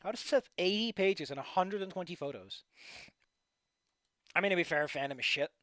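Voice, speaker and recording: A man's voice: high voice, lively intonation, a little fast, a bit bright, no room sound. A man casually reading fan fiction aloud, with rambling, profane asides and a voice that is tiring. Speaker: story reader.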